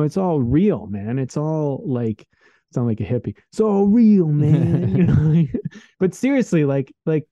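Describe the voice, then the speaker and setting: A man's voice: on the high side, mellow, no room sound. A man hosting a podcast, rambling earnestly in casual reflective chat, leaning on "like" and "man". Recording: dull lo-fi dry recording.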